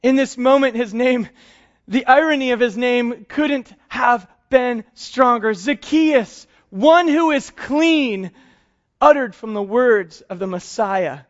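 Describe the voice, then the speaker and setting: High-voiced, slow-speaking male preacher. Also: muffled recording. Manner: storytelling, acting out quotes in soft hushed tones. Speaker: pastor. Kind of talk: sermon.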